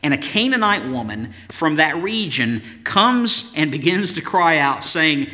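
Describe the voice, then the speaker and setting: Male pastor, sermon, bright ringing voice, fairly high pitch, emphatic rhythmic delivery, long hall echo. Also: sing-song, unhurried, few pauses. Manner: emphatic, rhythmic lists and rhetorical questions.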